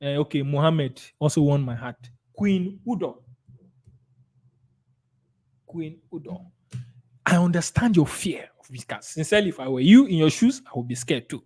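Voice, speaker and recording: A man's voice: on the high side, moderate pace, pauses often. A man with a Nigerian accent running a live sales training webinar, reading out viewers' answers and role-playing replies to clients. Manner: energetic, reads chat comments aloud, role-plays client replies.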